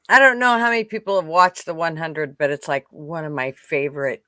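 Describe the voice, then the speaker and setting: A man's voice: on the high side, normal speed, pushed and bright, no echo, studio quality. A man co-hosting a casual podcast chat, offhand and profane, laughing as he talks. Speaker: podcast co-host.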